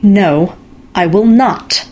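Woman voicing defiant young maiden, husky, firm, slightly raised pitch. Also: drawn-out words, a little mellow, muffled recording.

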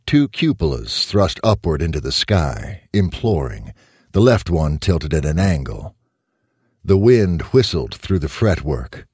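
A man narrating a short story in an expressive audiobook style. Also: sits low, breathy edge, no echo, studio quality.

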